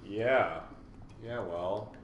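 A man's voice: on the low side, extremely slow, roomy sound, dull audio, slight background noise. A man teasing his friends crudely during a game stream. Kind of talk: casual chat among friends.

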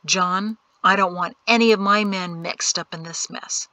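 A woman's voice: on the low side, steady tone, measured pace, sharp tone, no echo. A woman reading the part of a stern male colonel in an audiobook, giving urgent orders. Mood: firm.

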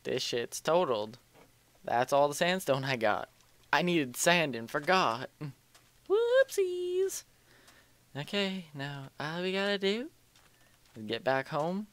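A man's voice: mid-range voice, a bit bright. A young man casually commentating his gameplay at home, rambling, joking and muttering to himself as he plays. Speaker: let's play host. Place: home room at night.

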